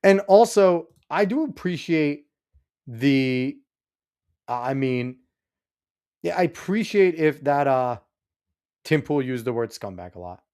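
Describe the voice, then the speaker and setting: Male host for a casual reaction stream: rambling, easily riled, middle-pitched voice. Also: expressive, slow, pauses often, a little mellow, clear, resonant tone. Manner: rambling, exasperated, talks back at chat and the clip. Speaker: podcast host reacting to a clip. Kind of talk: casual livestream reaction commentary.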